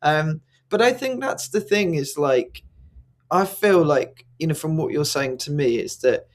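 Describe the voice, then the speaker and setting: A man hosting a podcast, talking reflectively and at length in casual conversation, with many fillers. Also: medium pitch. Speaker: podcast host.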